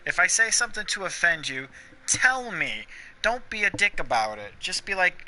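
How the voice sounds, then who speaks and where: A man's voice: sits high, very animated, normal speed, pushed and bright, a little hiss or hum. A young man chatting casually while gaming, blunt and opinionated, swearing freely and often laughing. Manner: frequent bursts of laughter. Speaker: gaming streamer.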